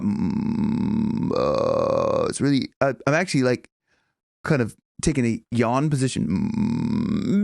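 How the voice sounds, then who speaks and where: A man teaching a casual singing lesson, chatting loosely and breaking into high sung examples and bits of vocal fry. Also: darkish tone, no room sound, clean studio sound. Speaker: vocal coach.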